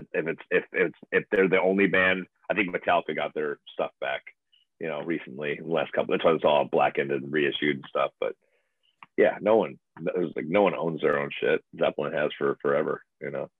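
A man's voice: sits low, no room sound. A man telling stories in a casual chat. He talks in a laid-back way, swears freely and laughs often, and he plays music and tends bar. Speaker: musician and bartender. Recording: tinny phone-like, dry sound.

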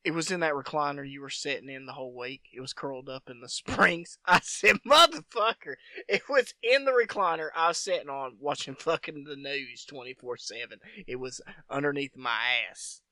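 Profane, bright-voiced man telling a story. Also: medium pitch, a little fast, few pauses, no echo. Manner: profane, animated storyteller who acts out quotes. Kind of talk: casual storytelling chat.

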